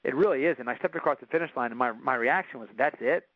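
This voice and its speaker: A man's voice: mid-range voice, rapid-fire, no room sound. A man as an interview guest, telling a personal story in earnest with frequent restarts. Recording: dull dry recording.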